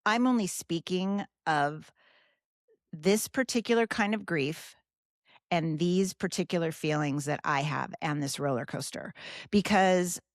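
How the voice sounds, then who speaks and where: A woman in her fifties, hosting a podcast, talking candidly and emotionally about grief in a halting way, with frequent restarts and some swearing. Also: fairly low pitch, dry recording, studio quality. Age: 50s. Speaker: podcast host. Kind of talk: personal grief talk.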